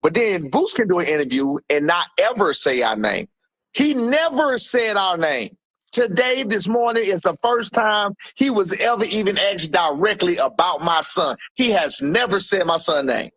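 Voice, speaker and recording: A man's voice: sits high, lively intonation, normal speed, a bit bright, dry recording. A middle-aged man, a boxer's father and trainer, talking in a blunt, profane and emphatic way during an interview. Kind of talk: heated interview talk.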